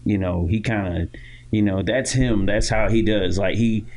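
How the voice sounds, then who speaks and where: A man's voice: fairly low pitch, normal speed. A young man from Florida, co-hosting a podcast and telling a childhood story in casual chat, full of fillers and restarts. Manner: animated, loud impressions of others in quoted lines. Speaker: podcast co-host.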